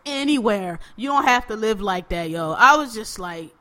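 A woman hosting a casual chat, ranting with profanity and quick animated emphasis. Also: medium pitch.

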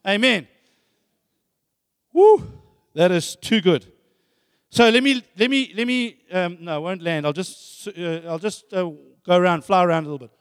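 A man's voice: sits high, moderate pace, fairly bright tone, clean tone. A man preaching a sermon, emphatic, repeating phrases and asking rhetorical questions. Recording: long hall reverb.

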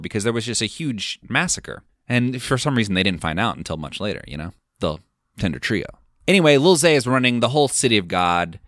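Man, deep low voice, casual film recap, rambling, lots of fillers, dry close sound. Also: fairly bright tone, no echo. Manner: rambling, filler-heavy retelling with quoted lines. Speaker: podcast host.

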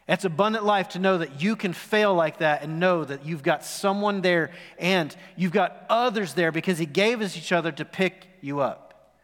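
A man's voice: high voice, normal speed, a bit bright. A man in his forties preaching a sermon as pastor, telling a story and asking the congregation questions. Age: 40s. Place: church sanctuary. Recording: long reverb in a worship hall.

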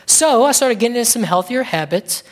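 A man preaching in a relaxed, conversational way, drifting between asides and anecdotes and slipping into little acted-out scenes. His voice rings with the long reverb of a big church hall. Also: very high voice, fairly quick. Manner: rambling and chatty, acts out little scenes. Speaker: pastor. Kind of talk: conversational sermon.

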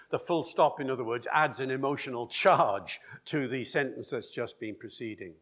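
A man's voice: mid-range voice, animated, moderate pace, few pauses, a bit bright. A man giving a public talk about language, explaining with wry asides and demonstrating pronunciations. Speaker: language expert speaker. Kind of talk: public lecture and Q&A.

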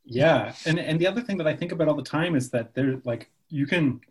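Man from Canada, relaxed podcast guest; loose, profane, filler-heavy delivery. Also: a little high, fairly quick, slightly rough, rough recording. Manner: loose, swears freely, lots of "like" and "sort of". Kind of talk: casual podcast chat.

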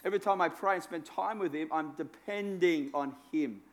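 A man's voice: fairly high pitch, normal speed. A man preaching a sermon in a conversational, self-deprecating way, repeating phrases for emphasis. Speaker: pastor.

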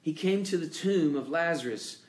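A man preaching a sermon as pastor, emphatic, with dramatic pauses and rising questions. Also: fairly high pitch, echoey room.

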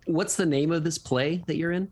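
A man's voice: fairly high pitch, steady tone, a little mellow. A middle-aged man co-hosting a podcast, teasing the others in casual banter. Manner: teasing, quick to laugh. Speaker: podcast co-host.

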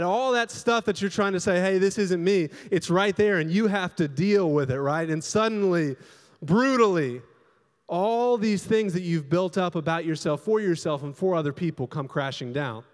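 A young man preaches a sermon, his voice sitting a little high for a man. He tells stories with energy, jumping up loud and then dropping to a hushed tone. The sound carries a long reverb from a large hall. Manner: animated storytelling, swings from loud to hushed. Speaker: pastor. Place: church hall.

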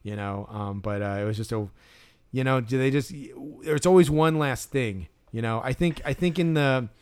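A man's voice: mid-range voice, moderate pace, smooth. A man co-hosting a podcast, telling a story in casual chat with lots of fillers and restarts. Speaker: podcast co-host.

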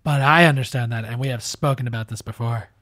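A man reading the lines of a boastful male head of state on a late-night phone call, in a flattering, rambling way, as a comic read-through of a transcript. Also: medium pitch, quick pace, no echo, pitched below the performer's own voice, natural voice.

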